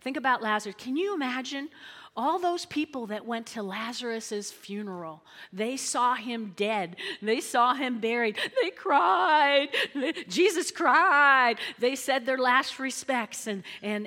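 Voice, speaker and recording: Woman pastor, middle-aged, lively sermon, slightly high voice, repeats her lines, long church reverb. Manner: animated, repeats phrases, acts out voices. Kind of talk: lively sermon with acted-out quotes.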